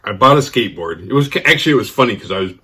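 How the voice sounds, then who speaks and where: A man hosting a horror movie channel, telling a rambling, profane story casually and getting animated when he quotes others. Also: fairly low pitch, rapid-fire, breathy edge. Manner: rambling, profane, restarts mid-sentence. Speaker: horror movie review host.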